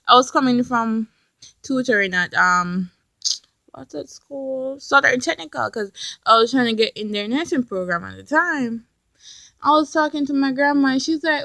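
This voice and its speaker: A young woman excitedly retelling a story in a storytime vlog. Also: fairly high pitch, normal speed, no echo. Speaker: vlogger.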